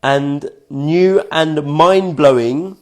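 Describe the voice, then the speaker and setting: Brief: vlogger reading his notes aloud, reflective and profane, slightly higher voice, keeps giggling. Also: extremely slow, darkish tone. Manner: reflective, swears casually. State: fits of giggling.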